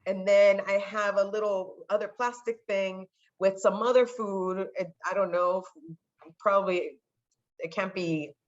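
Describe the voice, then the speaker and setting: A woman's voice: mid-range voice, fairly even intonation, unhurried. A chatty woman from California tells her stories in a casual interview, slipping into other people's voices as she goes. Her voice sits in a middle range. The recording sounds a little dull and lo-fi. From California, United States. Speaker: podcast guest, sports marketer. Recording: slightly dull lo-fi audio.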